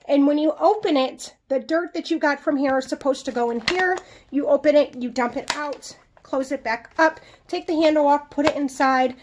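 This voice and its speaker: A woman's voice: high-pitched, background noise. A young adult woman talking casually and with animation as she reviews products in a vlog, laughing now and then. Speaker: vlogger.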